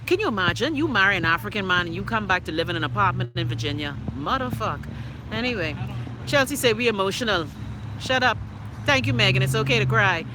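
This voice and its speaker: A woman hosting a live stream, reading viewer comments aloud and bantering with them in a teasing, animated way. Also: mid-range voice, quick pace, background noise. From Bahamas. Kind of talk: casual live chat. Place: outdoors in a city street.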